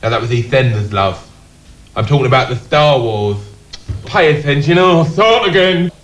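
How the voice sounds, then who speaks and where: A man's voice: expressive, normal speed, fairly bright tone, lightly acted. Actor playing a rambling Cockney bit-part man. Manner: rambling, repeats himself, squeaky high impressions. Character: rambling Cockney man claiming film work. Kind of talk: surreal sketch comedy monologue. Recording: roomy echo.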